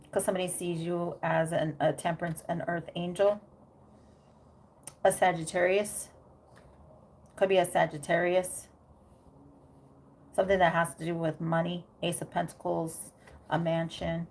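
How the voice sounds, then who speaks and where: Woman doing a rambling tarot reading. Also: on the low side. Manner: loose, thinking aloud with many fillers; checks in with frequent "okay?". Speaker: tarot reader.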